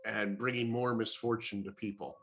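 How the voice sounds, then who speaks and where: A man's voice: fairly low pitch, steady tone, normal speed, a bit bright. Male game master, casual and jokey, lots of "uh"s, faint music underneath. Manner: joking, explains lore with frequent fillers. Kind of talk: casual tabletop game narration.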